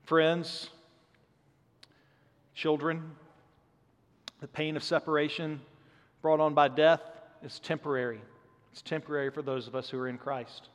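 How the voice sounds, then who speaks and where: A man's voice: on the high side, fairly even intonation, measured pace, pauses often. Earnest man preaching in a reverberant hall. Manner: conversational, earnest, says "man" often. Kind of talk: sermon.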